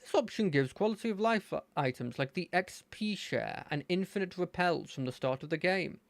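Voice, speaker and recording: Game streamer, chatty and playful, lively pitch, dry close sound. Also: a little fast, hardly any pauses, no echo. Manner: chatty, playful, thinking aloud. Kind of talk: casual gameplay commentary.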